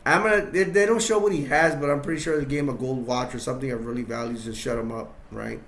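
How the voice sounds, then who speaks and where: A man's voice: medium pitch, steady tone, fast talker, fairly bright tone. A man casually recapping a film scene by scene, rambling, restarting his sentences and chuckling as he goes. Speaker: film reviewer. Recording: roomy echo.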